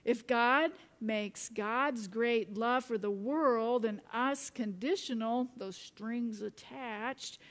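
A woman pastor preaching a sermon, telling a story in a relaxed way with light chuckles. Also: a little high, slow pace, few pauses. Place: church. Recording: reverberant church sanctuary.

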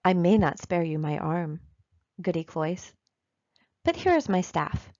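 A woman reading aloud, voicing the devil as a calm, persuasive older male traveler. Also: on the low side, a little slow, dry recording, lo-fi sound. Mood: sly.

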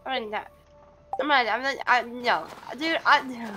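A woman casually chatting and reacting while playing a farming game with a friend, excitable and quick to swear. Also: on the high side, music in the background. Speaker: Let's Play gamer. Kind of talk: casual co-op gaming chat. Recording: clear background noise.

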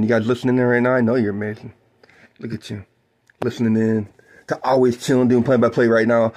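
A man with a medium-pitched voice does live play-by-play of a basketball game for his stream, whooping and shouting on big plays and chatting mellowly with his viewers between them.

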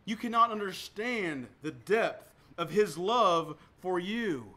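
A man preaching a sermon as pastor, emphatic, with sharp swings between loud and soft, often repeating words for emphasis. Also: sits high, lively intonation, slow pace.

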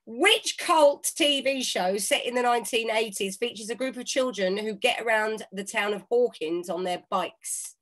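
Brief: woman, quiz co-host, playful and teasing, slightly high voice, video-call sound. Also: normal speed, hardly any pauses, fairly bright tone. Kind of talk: casual comic banter.

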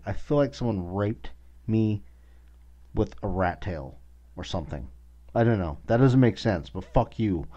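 Low-voiced swearing podcast host. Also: male voice, warm tone, muffled recording. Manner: angry, swears constantly. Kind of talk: casual profane rant.

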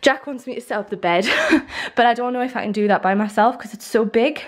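A woman's voice: on the high side, brisk. Chatty young woman vlogging at home. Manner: chatty and rambling, many "like" fillers. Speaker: lifestyle vlogger. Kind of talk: casual vlog chat to camera. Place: indoors in a newly moved-into house.

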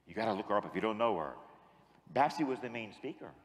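A priest giving a sermon as an animated storyteller who acts out the dialogue. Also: male voice, lowish voice, quick pace, long reverb tail.

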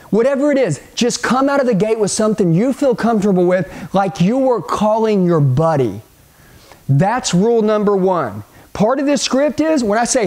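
A middle-aged man giving an energetic sales training talk, punchy and hyped, speaking straight to the listener and acting out phone calls. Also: high voice, moderate pace.

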